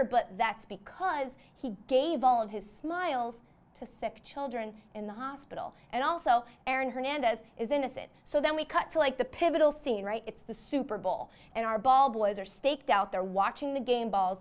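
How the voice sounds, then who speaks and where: A young woman with a slightly high voice spins a comedic monologue as host. She rambles casually, dropping "like" into nearly every phrase. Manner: rambling, peppered with "like".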